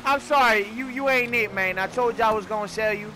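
A man doing comedic game commentary, loud and theatrical, swinging between mock grief and yelling. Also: high-pitched, fast. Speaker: gaming YouTuber. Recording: background noise under the voice.

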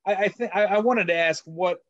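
Halting man interviewer, dry sound. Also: sits high, dry recording, lo-fi sound. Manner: halting, restarts questions, friendly. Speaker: library interviewer. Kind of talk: interview questions.

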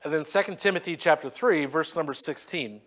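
A man's voice: on the high side, a little fast, a bit bright. A man preaching a sermon as pastor, reading scripture emphatically and acting out quoted voices. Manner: acts out quoted voices in asides.

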